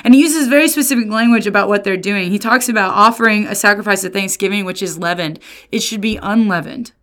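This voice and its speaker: Give me a woman teaching the Bible in a relaxed, lively way. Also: mid-range voice, fast. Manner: lively, jumps into sarcastic voices for quoted lines. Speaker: pastor and resident theologian.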